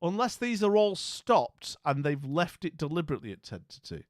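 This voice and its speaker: A man's voice: on the high side, very animated, moderate pace, dry recording, clean studio sound. A man hosting a casual live chat, wry and rambling, often trailing off into mutters. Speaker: livestream host. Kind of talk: casual live chat reacting to house listings.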